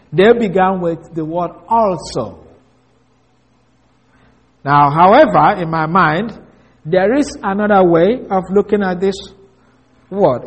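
A man with a notably high, husky voice delivers an expository Bible lesson. He speaks in a measured, deliberate way. He spells out words and repeats key phrases so listeners can follow along. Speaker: preacher.

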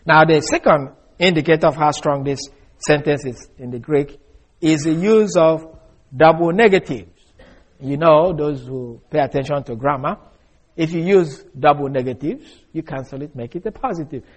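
Male preacher, slightly raised pitch, husky tone, deliberate and emphatic Bible teaching. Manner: measured, emphatic, frequent "uh" fillers. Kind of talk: expository sermon.

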